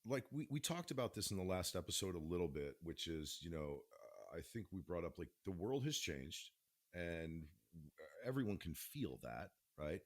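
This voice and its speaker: A man's voice: sits low, very animated, moderate pace. A man co-hosting a podcast, chatting casually and agreeably with some swearing. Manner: laid-back, agreeable, swearing storyteller. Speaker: podcast co-host. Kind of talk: casual chat.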